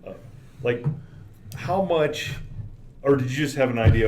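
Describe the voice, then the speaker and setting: Animated man telling anecdotes. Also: mid-range voice, unhurried, long pauses, noisy background. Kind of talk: casual podcast chat.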